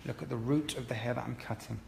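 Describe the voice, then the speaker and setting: A man's voice: mid-range voice, steady tone, quick pace, vocal fry, a little mellow, a little hiss or hum. A man giving a chatty, encouraging live-streamed haircut tutorial, explaining each step as a hairdressing educator. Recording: roomy echo with long reverb and faint ambience.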